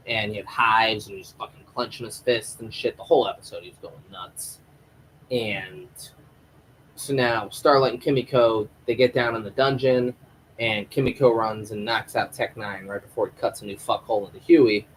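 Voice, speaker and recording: A man's voice: fairly low pitch, moderate pace, a little hiss or hum, low-quality recording. Rambling, foul-mouthed male show reviewer. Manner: rambling, profane, animated. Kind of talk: live episode recap.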